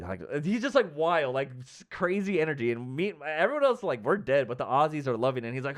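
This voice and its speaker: Fast-talking young man telling stories. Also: on the high side. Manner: animated storyteller, acts out quotes, lots of "like" and "dude". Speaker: podcast co-host. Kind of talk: casual chat.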